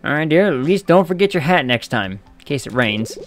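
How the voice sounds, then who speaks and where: A streamer voicing a mother bear in a video game, speaking softly and fussing over her child. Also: medium pitch, expressive, brisk, soft background music, close to an everyday voice. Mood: motherly. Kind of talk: reading game dialogue aloud.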